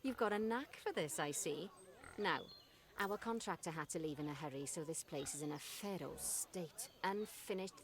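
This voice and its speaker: A woman's voice: on the low side, normal speed, a little hiss or hum, natural voice. A woman voicing an upbeat, jokey zoo guide who walks the player through a game tutorial in a chatty scripted delivery with wry asides. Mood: cheerful instructing.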